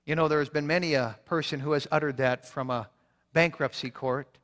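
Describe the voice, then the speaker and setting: A man's voice: fairly high pitch, fairly even intonation, a little fast, a bit bright. A man preaching a sermon as pastor, earnest, repeating points for emphasis, often restarting his words. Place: church sanctuary. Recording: long church reverb.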